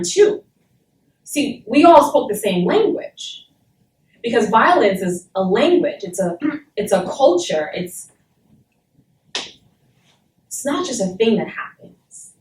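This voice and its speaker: A woman from Saint Thomas in the Virgin Islands, speaking to a university class and telling a personal story in a blunt, emphatic way, with frequent swearing. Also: fairly high pitch. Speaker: guest speaker. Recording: roomy and distant, faint background noise.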